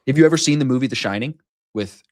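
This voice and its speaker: A man's voice: mid-range voice, fast. A man in his thirties hosting a live trading stream, chatting casually, rambling and joking with frequent swearing.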